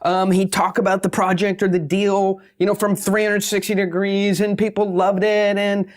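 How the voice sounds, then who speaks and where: A middle-aged man, a guest on an interview podcast, telling stories in an animated, joking way with quick asides. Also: high-pitched. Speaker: guest, pitch expert.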